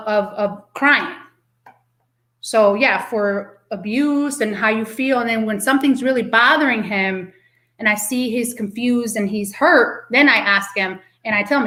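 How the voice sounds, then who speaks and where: Woman, middle-aged, bright tone, slightly high voice, candid animated storytelling, casual podcast chat. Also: unhurried, poor audio.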